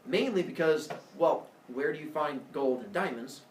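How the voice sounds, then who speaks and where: A man teaching a class, with a voice that sits a little high. He lectures playfully and jokes as he goes. He is heard from across an echoey room with faint background ambience. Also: animated, moderate pace, far from the mic, a little hiss or hum. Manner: joking, playful storytelling.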